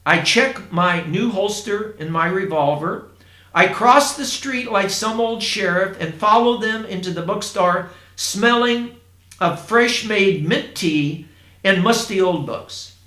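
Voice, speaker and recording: A man from Indiana telling a first-person story in a plain, unhurried way, with asides to his listeners. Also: sits high, pushed and bright. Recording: roomy echo.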